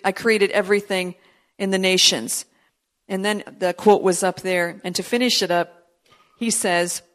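A woman preaching a sermon to her congregation, earnest and emphatic, with frequent restarts as she reads from her notes. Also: mid-range voice. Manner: earnest, emphatic preaching with rising intensity on quoted prophecy. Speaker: pastor.

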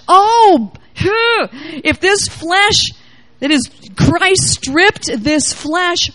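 With great exuberance and animation, a woman preaches a charismatic sermon at an extremely slow pace, her voice high and bright. Scripture readings lead into riffs where loud exclamations of praise give way to murmured asides. There is no room echo in the dry sound.

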